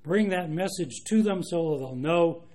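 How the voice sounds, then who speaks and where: A man preaching a sermon, earnest and unhurried, with frequent restarts and fillers. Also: fairly high pitch, animated, darkish tone.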